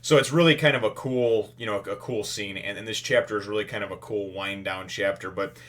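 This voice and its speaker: A man's voice: fairly low pitch, fairly even intonation, brisk. A man hosting a casual manga chapter review, retelling the plot in a rambling, filler-heavy way and acting out the characters' lines playfully.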